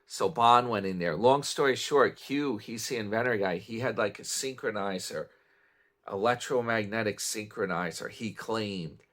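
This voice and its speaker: New york guy, kinda low voice, just chatting and wandering off topic. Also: normal speed, a bit bright. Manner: chatty, meandering, trails off and restarts. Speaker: vlogger. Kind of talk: casual rambling morning chat.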